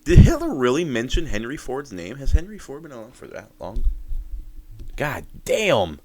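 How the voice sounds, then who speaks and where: A man's voice: medium pitch, wildly swooping pitch, moderate pace, darkish tone. A man hosting a reaction video, exclaiming and swearing freely as he muses aloud in casual commentary.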